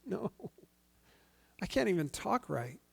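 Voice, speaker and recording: A man's voice: high-pitched, sing-song, slow, vocal fry, breathy edge, exaggerated voice. A man voicing Moses as an insecure man pleading to be let off the task.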